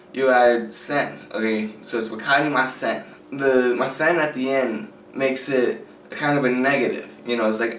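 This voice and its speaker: A man hosting a casual tutorial video, explaining beginner Japanese in a loose, chatty way and slowing down to spell out words. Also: medium pitch, fairly bright tone, a little hiss or hum. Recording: echoey room, distant from the mic, faint ambience.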